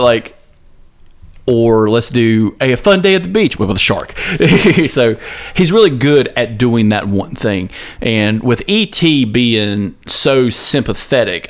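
A man hosting a podcast in casual chat, profane and animated, often laughing. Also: lowish voice. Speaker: podcast host.

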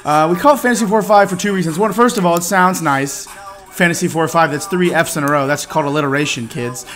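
A man's voice: a little high, quick pace, a bit bright, soft background music. A man hosting a podcast, reading a jokey mock radio introduction in announcer style. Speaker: podcast host.

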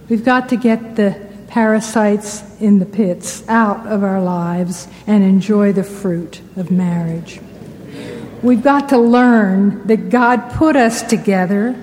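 Woman, Christian speaker, anecdotal sermon, warm tone, long hall reverb. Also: mid-range voice. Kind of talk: storytelling sermon talk.

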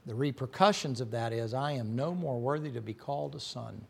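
A middle-aged man preaching a folksy, joking sermon that climbs to loud, shouting peaks. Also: mid-range voice, fairly quick, gravelly, breathy edge. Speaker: pastor.

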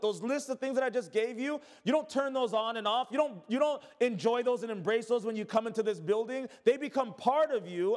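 Male pastor, high voice, emphatic call-and-response preaching, echoey church hall. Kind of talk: sermon. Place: church sanctuary.

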